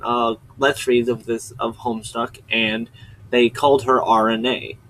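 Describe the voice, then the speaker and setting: His mid-range, fairly bright voice comes through a low-quality recording. He's a video host giving a chatty recap of a webcomic, wandering off on tangents and often stopping to correct himself.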